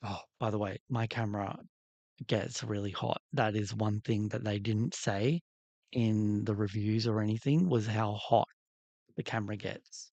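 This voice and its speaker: A man's voice: lowish voice, fairly even intonation, a little slow, vocal fry, darkish tone, no room sound, muffled recording. A man hosting a livestream, chatting casually in a rambling, candid way while he works on a doll. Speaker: livestream host.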